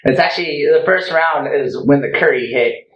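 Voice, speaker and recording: A man telling a story casually in a lively way, acting out quotes and often laughing. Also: on the high side, moderate pace, echoey room, highs cut off.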